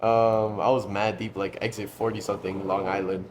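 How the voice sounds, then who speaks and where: A man's voice: lowish voice, flat delivery, moderate pace, crowd noise. A man, telling a profane, joking story in a laid-back way. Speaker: guest. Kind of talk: casual storytelling.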